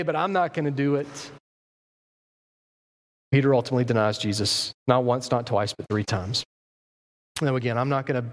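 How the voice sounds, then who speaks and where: A man preaching a sermon, retelling a Bible story and acting out its characters in their own voices. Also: medium pitch. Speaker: pastor. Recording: long hall reverb.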